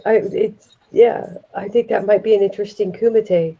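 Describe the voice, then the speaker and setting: A woman's voice: mid-range voice, steady tone, normal speed, phone-quality sound, noisy background. A woman in her thirties, a mother, chatting easily and laughing along. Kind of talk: casual chat.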